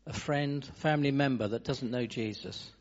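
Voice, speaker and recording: A man's voice: medium pitch, normal speed, lo-fi sound. A man leading a church gathering, briefly thanking speakers and then leading a short prayer. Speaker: meeting leader.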